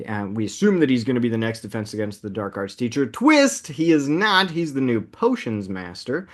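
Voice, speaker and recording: A man in his thirties co-hosting a casual movie podcast, upbeat and laughing often as he recaps the plot at a quick clip. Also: medium pitch, expressive. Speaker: podcast co-host.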